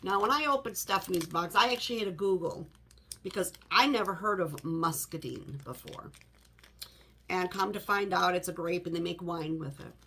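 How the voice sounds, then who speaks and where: A woman's voice: fairly low pitch, normal speed, sharp tone, breathy edge. A middle-aged woman chatting casually to the camera in her home office, rambling with many "you know" asides. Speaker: home fragrance vlogger.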